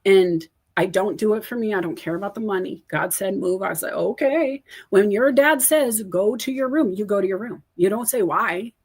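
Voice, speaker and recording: A woman hosting a casual chat as a coach, telling stories in a candid, animated way. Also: mid-range voice, fairly quick, hardly any pauses, husky. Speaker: host and coach.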